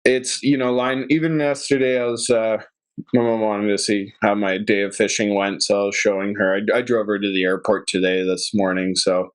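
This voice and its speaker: A man hosting a casual podcast chat, who talks in a relaxed, rambling way with fillers like "you know" and "uh". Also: lowish voice, moderate pace. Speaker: podcast host.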